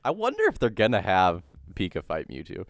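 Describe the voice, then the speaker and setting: A man's voice: deep voice, huge pitch swings, brisk, gravelly, no echo, studio quality. A young man co-hosting a casual podcast, laid-back, often chuckling and swearing casually. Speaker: podcast co-host. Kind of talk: casual chat.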